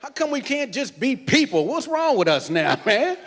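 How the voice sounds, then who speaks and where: A man working as a cruise director, doing stand-up comedy on a ship's stage and teasing the crowd loudly. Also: very high voice, big pitch swings, moderate pace, background noise. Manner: loud, teasing crowd banter. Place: cruise ship theater.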